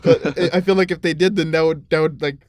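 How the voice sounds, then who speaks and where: A podcast host telling a story in casual chat, animated and laughing often. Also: male voice, a little high, fast, no room sound, clean studio sound.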